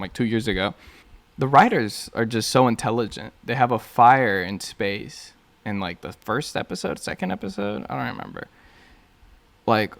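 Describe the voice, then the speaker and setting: A man's voice: mid-range voice, fairly bright tone. A man ranting profanely as an online commentator, swearing heavily and leaning on "bro" and "like". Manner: heavy swearing, lots of "bro" and "like".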